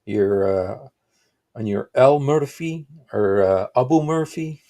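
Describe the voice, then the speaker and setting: Guy doing a live reaction stream, slow and gravelly, kinda husky, rambles a lot. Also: mid-range voice, lively intonation, warm tone. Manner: rambling, with frequent exclaimed asides. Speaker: livestream host. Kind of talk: casual live reaction commentary.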